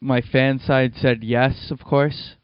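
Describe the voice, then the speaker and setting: A man co-hosting a casual sports podcast, chatty and quick to laugh, running the show's plugs and segues. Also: mid-range voice, little pitch movement, clear, resonant tone, dry recording, muffled recording. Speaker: podcast co-host.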